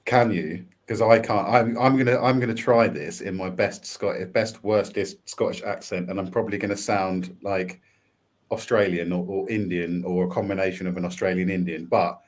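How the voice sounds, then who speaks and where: A man's voice: low voice, steady tone, moderate pace. A man co-hosting a podcast, asking playful questions with hesitant restarts. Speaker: podcast co-host. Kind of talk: casual chat.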